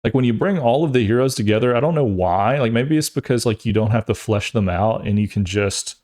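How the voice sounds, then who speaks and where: A young adult man hosting a podcast, chatting casually and rambling, jokey and animated, often restarting his sentences. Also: mid-range voice, a little fast. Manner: animated, acts out quotes in funny voices. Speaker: podcast host. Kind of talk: casual chat.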